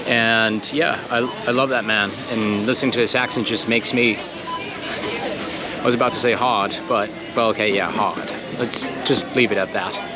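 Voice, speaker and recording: A man's voice: medium pitch, very noisy. A man, an actor, vlogging in a casual way, thinking aloud and trailing off between thoughts. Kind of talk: casual vlog self-talk. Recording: loud background music.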